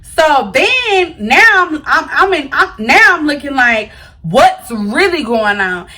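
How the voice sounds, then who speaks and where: A young woman vlogger telling a storytime story to her viewers in an animated, slangy way. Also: high voice, takes it slowly. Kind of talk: storytime vlog.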